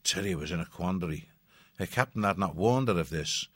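A male audiobook narrator reading a story at a measured, even pace. His voice sits low. The recording is dry and close, with no room sound. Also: husky, dry recording.

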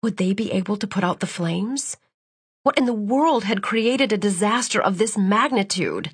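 A woman reads a novel aloud at a measured, steady pace, her voice soft and breathy at mid pitch. The recording is close and completely dry, with no echo and nothing heard behind her. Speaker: audiobook narrator. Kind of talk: scripted narration.

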